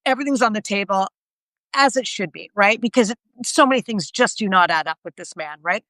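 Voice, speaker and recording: A woman's voice: mid-range voice, animated, a little fast, pushed and bright, no echo. A woman co-hosting a casual live conversation, talking in an emphatic, chatty way and checking her notes. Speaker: co-host.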